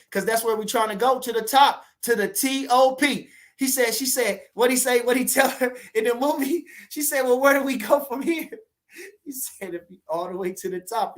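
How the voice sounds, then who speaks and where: A man's voice: high-pitched, fairly bright tone. A man hosting a casual boxing livestream, talking loosely and animatedly, full of "you know what I'm saying" asides. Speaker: boxing channel host.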